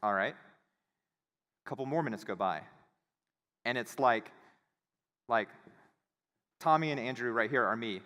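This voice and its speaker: A man giving a conference talk, telling a casual, animated story and acting out the voices of the people in it. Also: medium pitch, a little slow, pauses often. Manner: animated, acts out quoted voices. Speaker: conference speaker. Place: conference hall. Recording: reverberant hall.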